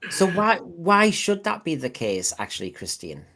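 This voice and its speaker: A man's voice: on the high side, sing-song, moderate pace, bright, forceful tone. A man hosting a podcast in casual discussion, who often repeats words and restarts his sentences. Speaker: podcast host.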